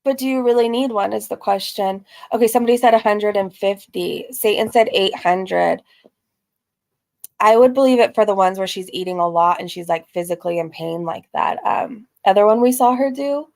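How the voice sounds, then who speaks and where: A woman's voice: mid-range voice, normal speed, a little mellow. A woman hosting a reaction video, making sarcastic, mocking remarks and reading out chat comments.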